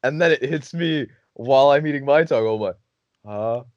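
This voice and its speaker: A man's voice: fairly high pitch, fairly quick, no echo, highs cut off. A young man hosting a podcast, telling a funny story casually, cursing often and laughing as he goes. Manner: laughing, profane, animated storytelling. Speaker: podcast host.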